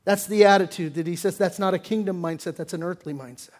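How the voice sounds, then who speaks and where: A male pastor delivering a sermon with emphatic preaching, punching words loudly and then dropping low, and acting out quoted attitudes. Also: fast. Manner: emphatic preaching with sudden loud stresses and drops; acts out quoted attitudes in character.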